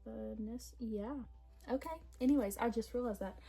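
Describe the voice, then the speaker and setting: A young woman chatting casually to camera about books, rambling and animated. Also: fairly high pitch, moderate pace, gravelly, husky, faint music behind, rough recording. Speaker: book vlogger.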